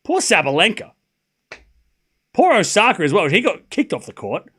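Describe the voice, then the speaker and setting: A man's voice: sits high, very animated, normal speed, sharp tone, husky. A man commentating a tennis match live on stream, chatty and incredulous, laughing often and talking to his chat.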